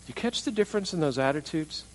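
A man's voice: on the high side, lively intonation, fast talker, rough recording. Conversational male pastor preaching. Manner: conversational preaching, asks the congregation questions; acts out quoted attitudes in mocking voices. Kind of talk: sermon.

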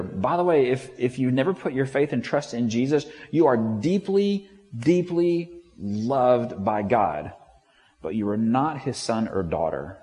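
A male pastor delivers a conversational sermon, acting out the characters he quotes with shifting tone. His medium-pitched, darkish voice rings with long hall reverb in the church.

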